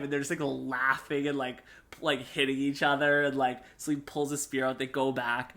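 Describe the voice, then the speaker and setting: A man's voice: medium pitch, flat delivery, a little fast, sharp tone. A young man co-hosting a casual gaming podcast, eagerly retelling game scenes in a rambling way with many fillers. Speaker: podcast co-host.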